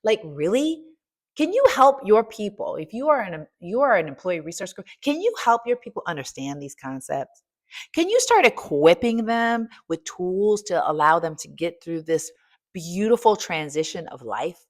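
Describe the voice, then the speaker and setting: A middle-aged American woman coach talks with a highly animated, swooping voice. She preaches in a casual, colloquial way, full of "y'all" and "ain't". She moves between quiet asides and loud, emphatic exclaiming. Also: moderate pace. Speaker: coach and podcast host. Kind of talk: energetic motivational talk.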